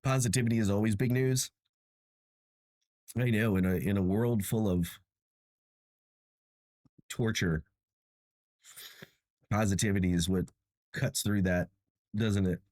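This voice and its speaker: A man's voice: on the low side, fairly even intonation, measured pace, pauses often, darkish tone, dry recording, clean studio sound. A tired young man hosting a livestream, chatting casually with viewers in a self-mocking way and laughing often. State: tired and achy. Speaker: livestream host.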